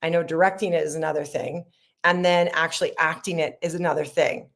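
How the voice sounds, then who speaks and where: This middle-aged woman talks fairly quickly in a deep voice with little pitch movement. As the sketch comedy's creator and lead actor, she gives a casual, rambling behind-the-scenes chat about making it and laughs a lot.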